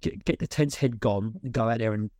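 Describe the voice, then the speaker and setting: A man's voice: medium pitch, fairly quick, a little mellow, no room sound, clean studio sound. A man, a coaching client, telling anecdotes in a rambling way with many restarts. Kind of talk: casual chat on a call.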